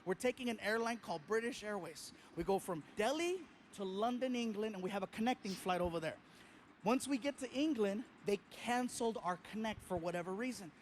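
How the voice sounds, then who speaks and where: High-voiced stand-up comedian telling a story. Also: male voice, fairly quick, a little hiss or hum. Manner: animated, playful voice impressions of people in his story.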